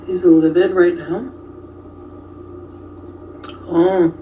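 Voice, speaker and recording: A woman's voice: fairly low pitch, fairly even intonation, extremely slow, warm tone, far from the mic, a little hiss or hum, rough recording. A woman hosting a casual livestream, reacting to viewer comments and chatting with a co-host.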